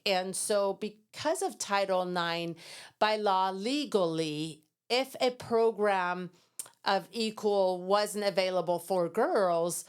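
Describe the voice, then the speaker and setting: A middle-aged woman from Iran, a guest in an interview, telling lively stories and acting out quoted voices with laughter. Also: mid-range voice, clean tone. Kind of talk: storytelling interview.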